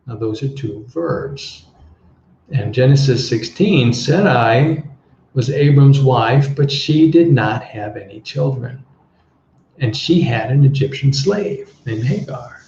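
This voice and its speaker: A middle-aged man teaches a language lesson at an unhurried pace, stopping to explain and translate each word. His voice is mellow and soft-edged. The recording is echoey and a little dull. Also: medium pitch. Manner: slow, stops to explain words and translate them. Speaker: English teacher. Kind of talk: relaxed Bible-based language lesson. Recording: echoey room, slightly dull sound.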